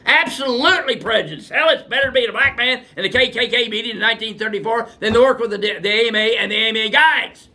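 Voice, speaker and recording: An older male physician fields viewer questions unscripted, in a very high, bright, pushed voice, talking fast with few pauses. He's blunt, fiery, and profane, ranting at length.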